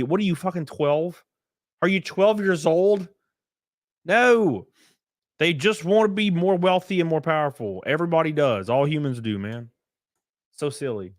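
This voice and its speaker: A man's voice: on the high side, dry recording, clean studio sound. A young man, chatting live on a stream and reading viewer comments in a blunt, profane, rambling way full of fillers. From American South.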